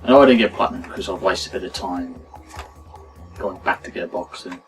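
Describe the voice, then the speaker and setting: A man's voice: sits low, quick pace. A young man co-hosting a let's play, casually chatting with short offhand remarks. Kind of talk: casual gameplay commentary. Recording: distant mic with game music behind.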